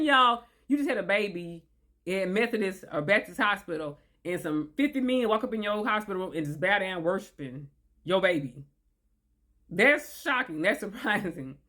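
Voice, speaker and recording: A woman reading scripture aloud and commenting on it in a chatty, animated way, rephrasing often and talking directly to her listeners. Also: medium pitch. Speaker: Bible teacher. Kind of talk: casual Bible study commentary.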